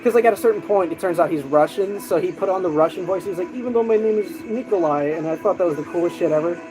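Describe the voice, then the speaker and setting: A man streaming, chatting casually and telling animated stories with lots of fillers and restarts. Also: high-pitched, rapid-fire, rough recording. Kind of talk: casual chat. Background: music.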